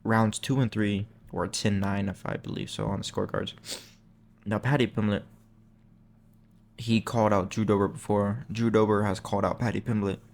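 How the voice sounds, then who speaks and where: A man's voice: fairly low pitch, fairly even intonation, moderate pace, gravelly, a little mellow. A young man hosting a channel, talking in a casual, rambling way that is full of slang and self-corrections. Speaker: MMA channel host. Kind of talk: casual chat.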